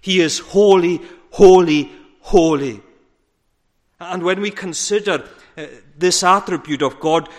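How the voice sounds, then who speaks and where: Male preacher, somewhat high voice, earnest and measured, builds weight on repeats; long hall reverb. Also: a bit bright. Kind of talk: sermon.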